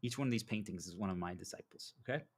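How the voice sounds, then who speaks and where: A man's voice: low-pitched, fast, husky. A man delivering a preachy motivational monologue as a self-styled spiritual guide, telling stories and acting out dialogue. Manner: preachy, animated storytelling with acted dialogue.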